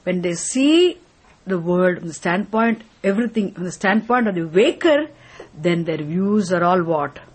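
A woman's voice: lowish voice, animated, measured pace, breathy edge. A woman giving a spiritual teaching talk, asking rhetorical questions and then answering them herself.

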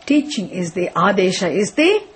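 A woman teaches a scripture class in a breathy voice. She circles back over her phrases and keeps asking her listeners questions as she explains. Her pitch sits in the middle range. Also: big pitch swings, moderate pace. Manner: repetitive, questioning, restarts phrases. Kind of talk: classroom lecture.

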